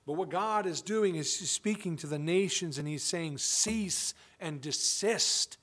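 High-voiced man preaching emphatically. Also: normal speed. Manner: emphatic, asking rhetorical questions. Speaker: pastor; father of children. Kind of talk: sermon.

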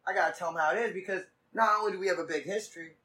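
Man, podcast host, bright and forceful tone, slightly higher voice, profane rambling storyteller, a bit far from the mic. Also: rapid-fire. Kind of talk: casual podcast chat.

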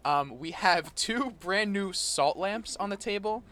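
A young man with a slightly raised pitch chats on a podcast recorded in a home studio. He sounds excitable and swears casually as he talks. The talk is loose and unscripted. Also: unhurried. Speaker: podcast co-host.

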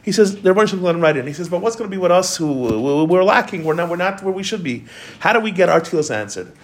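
A man's voice: sits high, expressive, rapid-fire. A man giving an informal Torah class, talking conversationally and quoting commentators.

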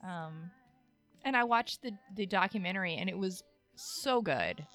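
A woman in casual chat with a friend, relaxed and talkative, laughing often. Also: fairly low pitch, a little slow, soft background music.

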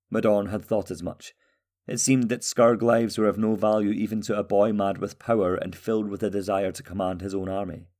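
A man narrating a fantasy storybook in a measured, steady way. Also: lowish voice.

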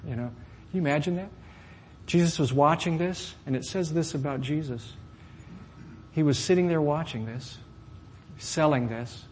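A man preaching a sermon to a congregation, lively and often asking questions of his listeners. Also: fairly high pitch, normal speed, slight background noise. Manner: animated, asks the audience questions. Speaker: pastor.

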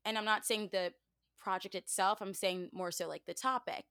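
A woman's voice: medium pitch, steady tone, moderate pace, fairly bright tone, dry recording. Young woman, podcast guest, upbeat and chatty, dry close sound. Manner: chatty, upbeat, says "like" often. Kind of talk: casual podcast chat.

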